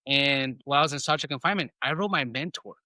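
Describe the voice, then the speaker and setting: A man with a very bright, sharp voice tells his own story as a podcast guest, slipping into the voices of people he quotes. His talk is casual and peppered with bro. The sound is close and dry. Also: medium pitch, very fast, no room sound. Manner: casual, reenacts dialogue, says bro a lot. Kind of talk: personal storytelling in conversation.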